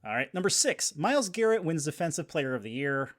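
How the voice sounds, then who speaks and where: A man's voice: on the high side, sing-song, a little fast. A man co-hosting a casual sports podcast, talking hesitantly with restarts and easy laughs. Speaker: podcast co-host.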